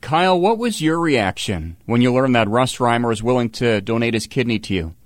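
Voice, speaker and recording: A man's voice: mid-range voice, expressive, a little fast, dry recording. A man asking plain, direct interview questions.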